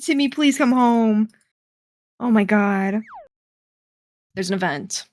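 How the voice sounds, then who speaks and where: A woman's voice: sits high, no room sound. A woman live-streaming a game, chatting with her viewers in a playful, dramatic way and reading the game's text aloud. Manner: playful, dramatic, talks to chat.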